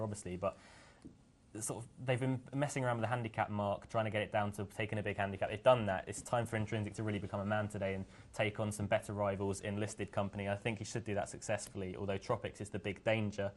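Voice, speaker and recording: A man giving his horse racing selections in casual chat, quick and full of fillers and restarts. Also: fairly low pitch. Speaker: racing tipster.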